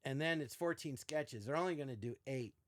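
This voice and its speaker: An older man with a mid-range voice, recorded dry and close, speaks in a casual storytelling way. He swings into put-on voices when quoting people and keeps the tale lively. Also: mid-range voice, a little fast, no echo. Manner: animated, acts out quotes in varied voices. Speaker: podcast guest.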